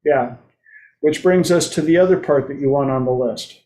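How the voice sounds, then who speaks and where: A man's voice: fairly high pitch, moderate pace, dark tone. A man hosting his own talk show, speaking in a loose, playful monologue and acting out quoted voices now and then. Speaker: host. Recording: roomy echo.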